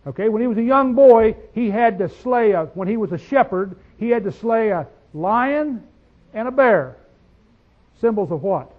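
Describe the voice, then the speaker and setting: In a dull, lo-fi recording, an animated preacher with a high voice delivers a folksy, homespun sermon. He draws out scripture in slow phrases, then shifts into quick call-and-response asides and rising declarations, ranging from quiet to loud.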